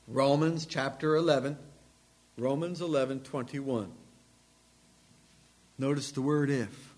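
A man preaching a sermon in a church, emphatic, with dramatic swings between loud and quiet. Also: mid-range voice. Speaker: pastor.

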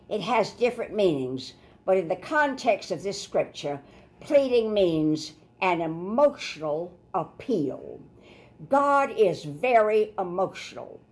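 A woman's voice: fairly low pitch, darkish tone. A woman preaching a sermon, explaining scripture in a folksy, emphatic way and repeating herself for stress. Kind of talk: sermon with running commentary on scripture.

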